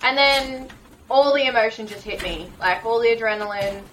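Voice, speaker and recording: A woman from Australia with an Australian accent, a podcast guest recounting a story in animated, emotional detail and laughing often. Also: a little high, normal speed, a little hiss or hum, rough recording. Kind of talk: casual storytelling.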